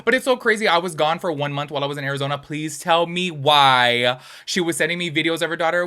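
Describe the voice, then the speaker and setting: A young man hosting a casual gossip commentary channel, talking in an animated way with lots of filler words. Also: a little high, quick pace, few pauses.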